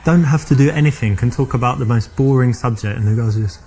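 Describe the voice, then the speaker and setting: A man's voice: medium pitch, fast talker, warm tone, slight background noise, lightly acted. An actor playing a cocky, boastful British man with a British accent, bragging and teasing on a date in a game. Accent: British English. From England.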